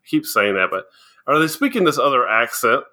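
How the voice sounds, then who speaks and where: A man's voice: medium pitch, big pitch swings, brisk, bright, forceful tone. A man co-hosting a casual podcast chat, explaining things and often laughing as he goes. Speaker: podcast co-host.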